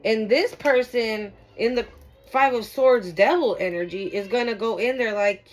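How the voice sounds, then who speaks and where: A woman's voice: a little high, animated, unhurried, poor audio. A woman giving a casual tarot card reading to viewers, talking emphatically and repeating herself, with frequent swearing. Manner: emphatic, repetitive, profane, addresses viewers directly. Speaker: tarot reader.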